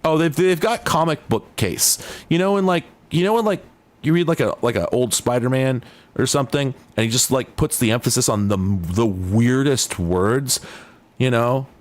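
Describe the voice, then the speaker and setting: A man in the middle of the usual pitch range mutters and rambles through casual retro-gaming commentary. He is sardonic and keeps breaking off his own sentences, then starting them again. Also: moderate pace. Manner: rambling, sardonic, self-interrupting. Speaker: host. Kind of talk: casual commentary while playing retro games.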